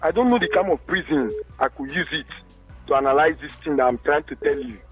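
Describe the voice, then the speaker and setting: A man's voice: a little high, fairly quick, faint music behind. A Nigerian man from Rivers State calling into a radio show, speaking with passionate pleading and calling the host his beloved brother. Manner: impassioned, pleading, keeps saying "my beloved brother". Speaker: caller. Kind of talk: call-in radio commentary. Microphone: phone call into a radio studio. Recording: muffled phone line.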